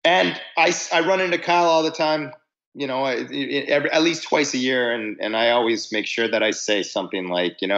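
Gravelly man telling tour stories. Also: mid-range voice, brisk, fairly bright tone. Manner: rambling, many restarts, stretches words for effect. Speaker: podcast guest, musician. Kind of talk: casual chat, storytelling. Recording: slightly dull lo-fi audio.

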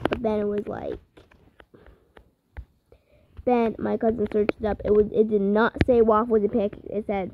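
A woman's voice: medium pitch, little pitch movement, normal speed, long pauses, lo-fi sound, noisy background. A teenage girl telling a storytime in a chatty, dramatic way, full of fillers. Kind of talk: casual storytime narration.

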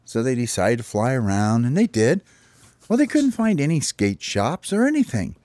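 Rambling dad spinning a kids' story. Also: male voice, medium pitch, very animated, normal speed, darkish tone, no room sound. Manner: rambling, restarts with "well, anyway". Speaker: father telling a story. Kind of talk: improvised children's storytelling.

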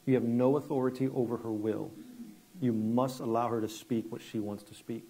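A middle-aged man preaches as a guest pastor, his voice mellow and slightly husky. he talks loosely, stumbling over repeated words, then drops to a near hush for the tense parts of a story. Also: mid-range voice, steady tone, moderate pace. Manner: conversational, repeats words and restarts, drops quiet for dramatic story moments. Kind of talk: sermon with storytelling.

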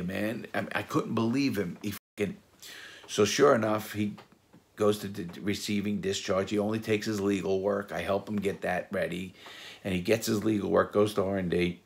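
A man's voice: on the low side, a little fast, creaky. A man casually telling prison stories from his own past, blunt and profane, acting out the quoted dialogue. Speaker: former jewel thief telling prison stories. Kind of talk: casual storytelling.

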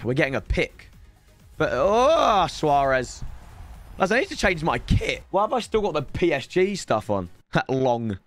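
A British man streaming live, his voice hoarse and worn. He talks in a lively, up-and-down way, pitched a touch high for a man, and breaks into excited shouts at the big moments. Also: a little slow, no echo, soft background music. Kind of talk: live-stream pack-opening commentary.

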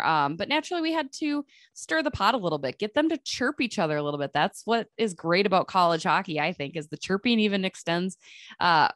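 A woman's voice: fairly low pitch, fairly bright tone, no room sound, clean studio sound. A woman co-hosting a sports podcast, introducing clips and asking guests questions in an upbeat, chatty way. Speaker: podcast co-host.

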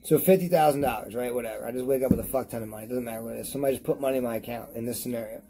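A man reviewing products on his vlog in a rambling, profane rant to camera while he is high, repeating himself as he talks. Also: racing, mellow, soft background music.

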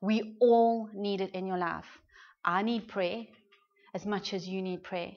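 A British woman delivers a sermon in a church, talking earnestly to her congregation and pausing to put questions to them. Her voice sits at a middle pitch, and the recording is dull and a little lo-fi. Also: steady tone, a little mellow. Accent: British English. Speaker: preacher. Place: church hall.

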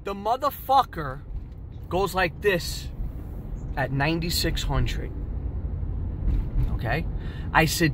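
A man in his forties, the show's host, telling a story in a profane, animated and emphatic way. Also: fairly high pitch, takes it slowly, pauses often, background noise. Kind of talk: casual storytelling.

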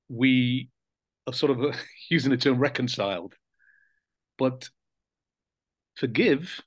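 A man's voice: mid-range voice, no room sound. Older man, interview guest, reflective storyteller, easygoing delivery with ums and chuckles. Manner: relaxed, reflective storytelling with frequent fillers and soft laughs. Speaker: interview guest, former footballer. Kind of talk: casual reminiscing interview.

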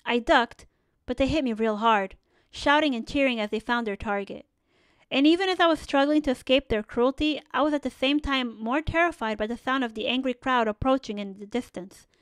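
A woman narrating a first-person memoir audiobook in an earnest, measured storytelling manner, close to a studio mic. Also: high voice, smooth, dry recording.

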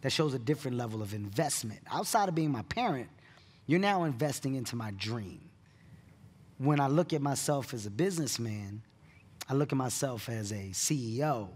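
A man who is a comedian, telling stories in an onstage keynote interview with animated delivery and bursts of laughter. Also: mid-range voice, moderate pace, breathy edge. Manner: animated storyteller, laughs at his own story. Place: conference stage.

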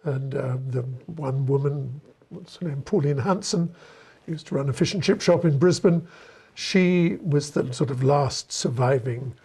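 A man's voice: on the high side, a little slow, gravelly, mellow, slightly rough. A man giving an author talk, storytelling in a discursive way with wry, self-deprecating asides. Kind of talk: storytelling lecture answering questions.

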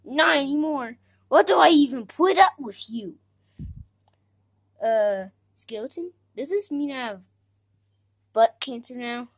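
A woman with a high, gravelly voice performs a comedic fan-animation voice-over. She drawls slowly, drops into mumbled asides, then bursts into shouts. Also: expressive, no echo, studio quality. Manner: jumps between mumbled asides and shouted outbursts. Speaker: narrator and voice actor of a fan animation.

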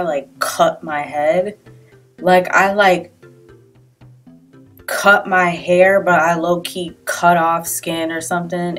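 A woman talks through a makeup tutorial in a slow, low-key, rambling way, full of slang and quick apologies. She sits a bit away from the mic in a small room at a desk, with faint music playing behind her. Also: a bit bright, recorded from a distance. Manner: rambling, self-mocking, slangy, often apologizing. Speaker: beauty vlogger. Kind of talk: casual makeup tutorial talk.

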